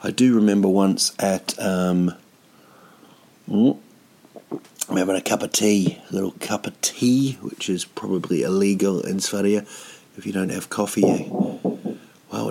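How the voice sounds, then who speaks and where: A man's voice: low voice, gravelly, a little mellow. A man, a touring comedian, talking at home in a casual, rambling monologue, hesitant with many ums and dry self-mocking humour. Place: at home, sitting indoors.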